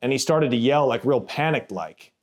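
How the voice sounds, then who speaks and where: A man's voice: medium pitch, lively intonation, moderate pace. A man telling his own story in a plainspoken, blunt way, casual and with swearing, acting out other people's voices in quotes. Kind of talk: first-person storytelling podcast.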